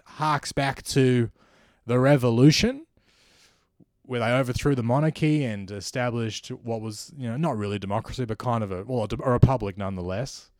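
An Australian podcast host delivers a sardonic, ranting comedy monologue. His voice is middle-pitched and darkish, at a normal speed, and the recording is dry and close, with no room echo.

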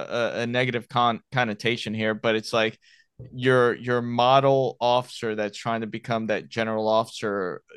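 A man's voice: mid-range voice, a bit bright, clean tone, dry recording, studio quality. A man from Miami, a former Marine hosting a podcast, talking casually and rambling, repeating words as he thinks.

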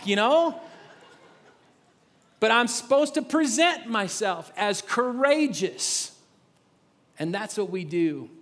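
A man's voice: very high-pitched, pushed and bright. A middle-aged man preaching a sermon in a conversational, self-mocking storytelling way, often restarting his sentences. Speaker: pastor. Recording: long reverb of a large hall.

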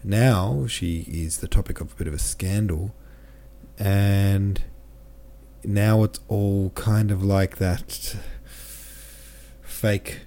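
Man, podcast host, low voice, casual rambling book talk. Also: steady tone, takes it slowly, mellow, slight background noise. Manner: rambling, conversational, reads listener comments aloud.

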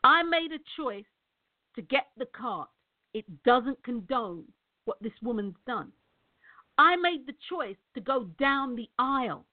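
Emphatic middle-aged woman, motivational speaker, high voice, repetitive, tinny phone-quality audio. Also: expressive, unhurried. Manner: emphatic, repeats words, addresses viewers as guys. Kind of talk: direct-to-camera motivational talk.

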